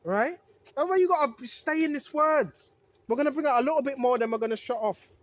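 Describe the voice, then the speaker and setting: The voice sits high and moves briskly, recorded with no room sound. It's a religious video maker casually preaching, repeating phrases for emphasis, restarting and self-correcting sentences, and often tossing in "right?"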